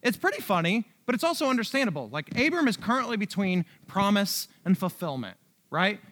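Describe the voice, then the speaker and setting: A man's voice: high-pitched, sing-song, a little fast, fairly bright tone, a little hiss or hum. A young man preaching on a Bible passage in a loose, conversational way, full of slang and tag questions. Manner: conversational, slangy, keeps asking "right?". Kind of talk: casual Bible teaching.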